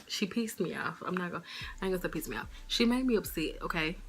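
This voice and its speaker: A woman's voice: fairly low pitch, quick pace. Chatty woman telling a storytime. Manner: animated, chatty, talks straight to her viewers. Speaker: vlogger. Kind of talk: casual storytime vlog.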